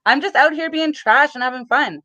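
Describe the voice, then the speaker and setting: A woman with a bright, forceful voice co-hosts a casual livestream. She talks bluntly and defensively and swears without a second thought. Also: sits high, a little fast, muffled recording. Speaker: livestream co-host.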